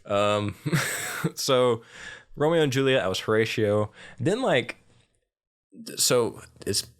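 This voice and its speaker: A man's voice: mid-range voice, lively intonation, slow. A young man co-hosting a podcast, rambling casually with lots of ums and likes. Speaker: podcast co-host. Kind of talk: casual chat.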